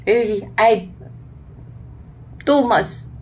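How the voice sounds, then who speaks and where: A woman's voice: a little high, very slow, darkish tone. A Filipina woman with a Filipino accent, vlogging an emotional monologue in broken English mixed with Tagalog and pleading with an absent man. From Philippines. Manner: pleading, heartbroken, addresses an absent man directly. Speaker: overseas worker vlogger. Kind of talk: emotional direct-to-camera monologue.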